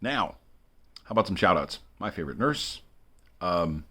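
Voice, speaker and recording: A man's voice: low voice, very animated, moderate pace, sharp tone. A man rambling through a monologue for his video blog, repeating himself and chuckling between asides. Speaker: video blogger.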